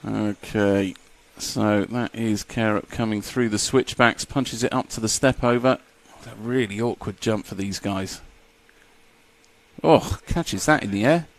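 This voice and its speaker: A man's voice: on the low side, measured pace. A man commentating a live model car race, chatty and jokey, reading out lap times.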